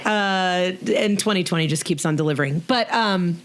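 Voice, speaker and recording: A woman speaking as a podcast guest in a casual group check-in, reflective and quick to laugh. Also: lowish voice.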